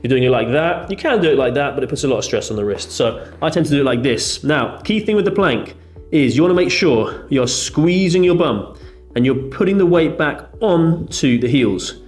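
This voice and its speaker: Faint music and room echo accompany this chiropractor as he explains and shows back exercises in a treatment room equipped with a firm bed. His voice runs a little high and has a darkish tone.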